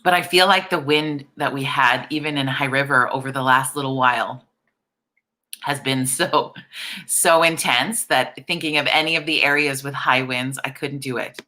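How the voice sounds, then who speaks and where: A woman in her forties hosting a live online coffee chat, chatty and upbeat, greeting viewers and chatting with a croaky morning voice. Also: a bass voice, fairly even intonation, normal speed, bright, forceful tone. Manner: chatty, upbeat, reads viewer comments aloud. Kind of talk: casual live-stream chat.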